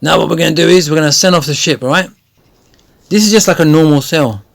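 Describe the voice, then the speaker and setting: A man giving chatty, rambling gameplay tutorial commentary that often turns excited. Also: on the high side, quick pace, vocal fry, slight background noise. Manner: chatty, rambling with many fillers, grows excited. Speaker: gaming video creator.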